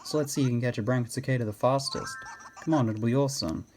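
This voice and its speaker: A man reading out the lines of a cheeky male rabbit villager in a game, in a brisk, plain voice. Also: medium pitch, darkish tone, slight background noise, lightly acted. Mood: challenging.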